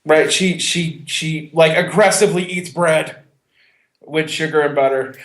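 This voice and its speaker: A man co-hosts a podcast at a slow pace, his bright-ish, high-side voice sounding reverberant. His relaxed film chat features many restarts along with some laughter.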